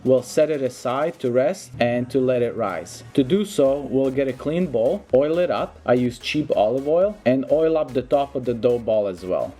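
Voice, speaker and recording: A man hosting a home cooking video, giving steady step-by-step recipe instructions in a voice-over. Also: mid-range voice. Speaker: home cooking channel host.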